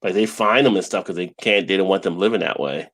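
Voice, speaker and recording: A man's voice: deep voice, fast, a bit bright. A man hosting a casual live stream, reading viewer comments aloud and chatting with guests. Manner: reads viewer chat comments aloud, laughs easily.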